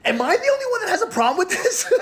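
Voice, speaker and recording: A man reacting to news with incredulous laughter, counting points slowly and deliberately. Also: very high voice, a bit bright.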